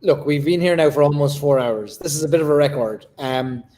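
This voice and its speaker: A man's voice: fairly high pitch, fairly quick, warm tone. A man with a Cork Irish accent hosting a casual live online session, jovial and joking, stumbling over a few words. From Cork, Ireland. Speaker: host.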